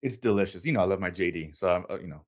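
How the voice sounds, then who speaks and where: A man hosting a casual podcast, relaxed and self-deprecating, laughing easily as he chats. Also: deep voice, rapid-fire, muffled recording. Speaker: podcast host. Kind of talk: casual chat.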